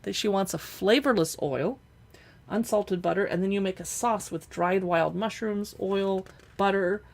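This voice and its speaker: A woman live streaming as she pages through cookbooks, chatting casually and reading recipe lists aloud as she thinks out loud. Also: mid-range voice, unhurried, creaky. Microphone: streaming setup.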